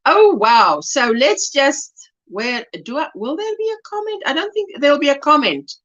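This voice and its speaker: Bubbly high-voiced woman. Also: very animated, moderate pace, fairly bright tone, lo-fi sound. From South Africa. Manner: bubbly, laughs often, reads chat comments aloud. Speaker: livestream host. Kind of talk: casual livestream chat.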